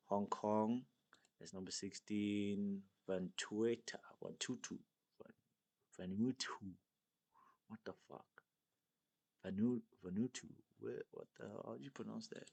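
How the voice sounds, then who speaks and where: A young man from South Africa with a very low voice, hosting a solo show. He rambles casually, swears a lot and reads items off a list, stopping for asides. It sounds like an informal self-made stream. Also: steady tone, measured pace, vocal fry, warm tone. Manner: loose, rambling, swears often, reads lists aloud. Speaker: podcast host.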